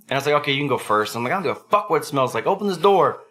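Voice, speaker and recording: A man co-hosting a casual podcast who tells crude stories with lots of swearing and laughter, and jumps into a high squeaky voice to act out other people. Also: animated, very fast, crowd noise. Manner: laughs often, swears freely. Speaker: podcast co-host.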